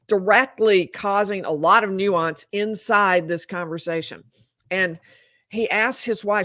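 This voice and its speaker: A woman's voice: mid-range voice, a little slow, fairly bright tone, no room sound. Dry-sounding woman host doing legal commentary. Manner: reads from her notes, then comments thoughtfully. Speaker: lawyer and show host.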